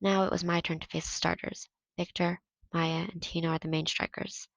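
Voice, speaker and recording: A woman teacher reads a novel aloud in a steady, even narration. Her voice sits low with a gravelly fry, and the sound is close and dry. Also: moderate pace, dry recording, low-quality recording. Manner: steady first-person narration.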